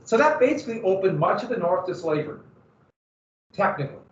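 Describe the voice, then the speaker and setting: A man with a high voice lectures a class on history and keeps throwing questions at his students. He sounds set back from the mic in an echoey room, and the sound is a little muffled. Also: fast talker. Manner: animated, asks the class questions. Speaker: history teacher. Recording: dull, roomy, from a distance.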